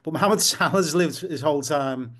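Slightly high-voiced man discussing football. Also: normal speed, a bit bright. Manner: thoughtful, explains at length with many restarts. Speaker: guest, football writer. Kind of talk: casual podcast interview.

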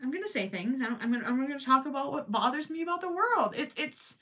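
Animated woman chatting on a craft stream. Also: high-pitched, quick pace, recorded from a distance. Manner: animated, emphatic, trails off to near-whispers. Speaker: crochet live streamer. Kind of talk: casual live stream chat.

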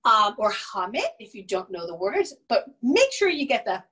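A woman's voice: a little high, very animated, moderate pace, background noise. A woman teaching a children's music and movement class, singing songs and chanting with young kids. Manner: sings and chants songs, bright and coaxing with kids.

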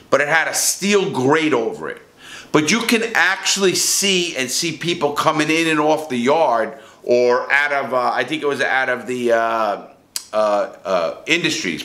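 A man's voice: medium pitch, fairly bright tone. Blunt, profane man telling prison stories. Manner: blunt, profane, rambling with restarts. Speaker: ex-prisoner storyteller. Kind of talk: casual first-person storytelling. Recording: echoey room.

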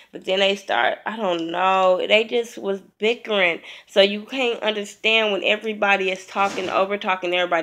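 A woman's voice: lowish voice, sharp tone. A woman vlogger, sick, giving a blunt, profane, chatty review. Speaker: vlogger reviewing a reality show. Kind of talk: casual spoken review.

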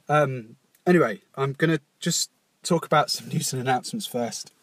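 Nervous, halting man hosting a podcast. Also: medium pitch. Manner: halting and nervous, many fillers and restarts; emotional, openly moved. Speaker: podcast host. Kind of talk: confessional podcast monologue.

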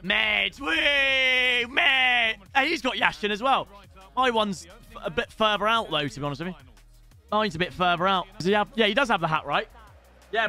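A young British man commentating live on his own gameplay, excitable and casual, swearing freely and shouting at big moments. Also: high-pitched. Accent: British English. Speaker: gaming streamer.

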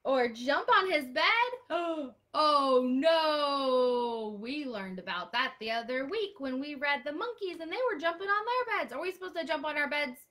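A woman's voice: sits high, animated, a little fast, few pauses, bright, forceful tone. A woman librarian holding an online storytime for young children, reading aloud and singing with a sing-song, exclaiming manner.

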